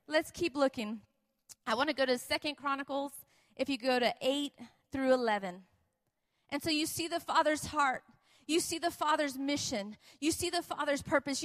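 A woman's voice: high voice, normal speed. A woman preaching a sermon, telling a personal story and building to emphatic, repetitive exhortation. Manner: animated storytelling, acting out quoted voices, repetitive emphatic preaching.

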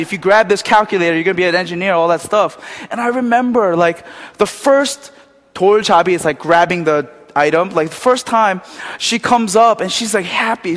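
High-pitched guy preaching a sermon, chatty and animated, big echoey hall. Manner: storytelling, animated, many fillers. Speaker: pastor. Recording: long hall reverb.

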